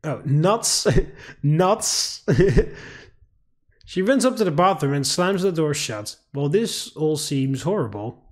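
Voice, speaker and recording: Animated man reading a visual novel. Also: on the high side, takes it slowly, long pauses. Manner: animated, laughs often, rambling asides. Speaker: gameplay commentator.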